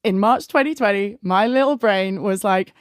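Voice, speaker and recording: A woman in her thirties with a southern English accent, telling stories in a lively, chatty interview and laughing often. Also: mid-range voice, normal speed, clean tone, no room sound, clean studio sound. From England. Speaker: guest songwriter. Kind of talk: casual interview chat.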